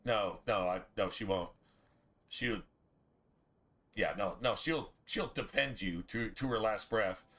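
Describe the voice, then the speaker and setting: Male streamer, bright and forceful voice, laid-back and profane, loose gameplay chatter. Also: on the low side, slow, pauses often. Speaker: game streamer. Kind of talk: casual gameplay commentary.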